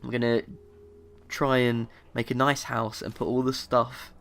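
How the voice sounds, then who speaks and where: A young man, telling a gaming story in an excitable, animated way. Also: medium pitch, measured pace, vocal fry. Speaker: gaming youtuber. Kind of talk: casual gaming vlog.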